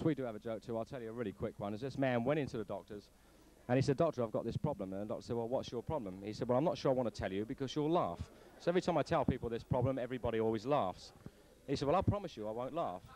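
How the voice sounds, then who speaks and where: A man's voice: mid-range voice, rapid-fire, warm tone, rough recording. A man hosting a pub joke night, introducing each guest and telling a joke of his own. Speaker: host. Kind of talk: casual pub chat.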